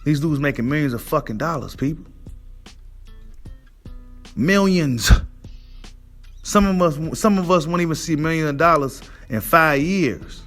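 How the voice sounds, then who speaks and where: A man's voice: fairly high pitch, fairly quick, few pauses, fairly bright tone, faint music behind. Heated, profane man ranting as host. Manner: heated, profane, keeps asking "right?". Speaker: boxing commentary host. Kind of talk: casual rant monologue.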